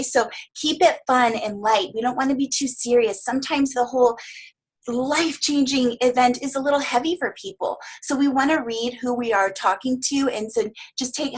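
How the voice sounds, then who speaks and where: A fairly high-pitched woman leads a coaching workshop. She sounds upbeat and encouraging, and she slips into quick voices of clients as she teaches. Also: breathy edge. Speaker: coaching trainer. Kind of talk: training talk to coaches.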